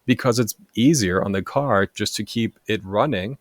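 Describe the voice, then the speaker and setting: A man in his forties from Germany, a native German speaker, chatting as a podcast guest in a lively storytelling way and often tagging his sentences with "right?". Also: fairly low pitch, moderate pace, no room sound, clean studio sound. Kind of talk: casual storytelling chat.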